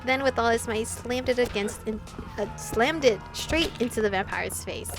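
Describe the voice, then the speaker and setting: Young female gaming host, highish voice, reading and reacting, game music behind. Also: a little fast. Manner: animated, laughing asides between reading. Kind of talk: playing and reading aloud a visual novel.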